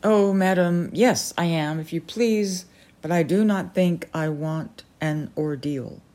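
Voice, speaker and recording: A woman's voice: on the low side, slow pace, dark tone. A woman voicing a timid, tearful male sparrowhawk priest, faltering and pleading.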